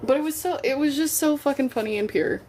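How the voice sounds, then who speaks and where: A woman's voice: high voice, fast, background noise. A young woman hosting a casual livestream, chatting candidly with her viewers and swearing freely. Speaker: livestream host. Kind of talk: casual chat to a live chat.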